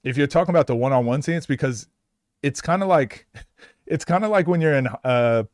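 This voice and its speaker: A man's voice: a little high, a little fast, darkish tone, no room sound, studio quality. Chatty Oklahoman man streaming live. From Oklahoma, USA. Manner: chatty, laughs often, acts out quotes. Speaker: streamer answering chat. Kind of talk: casual live stream chat.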